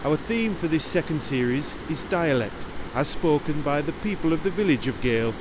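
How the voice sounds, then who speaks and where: A man hosting a podcast in measured, explanatory scripted narration. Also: a little high, animated, noisy background. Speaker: podcast host. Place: large circular museum room. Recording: reverberant space.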